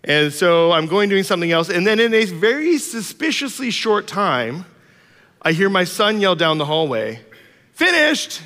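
A man's voice: high-pitched, animated, moderate pace, fairly bright tone. A man preaching a sermon as a pastor. He tells humorous stories in an informal style with many fillers. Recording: long reverb of a large hall.

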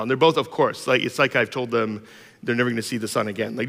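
A man's voice: medium pitch, fairly even intonation, fast talker, gravelly, a bit bright. A man preaching a sermon as a pastor. He tells humorous stories in an informal style with many fillers. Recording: long reverb of a large hall.

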